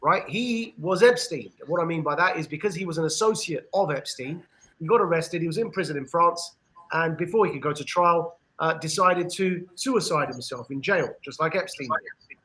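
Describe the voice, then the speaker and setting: English guy talking earnestly on a podcast, kinda high voice, lots of uhs and restarts. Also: sharp tone, low-quality recording. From England. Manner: earnest, with frequent pauses and restarts. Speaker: podcast panelist. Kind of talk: discussion monologue.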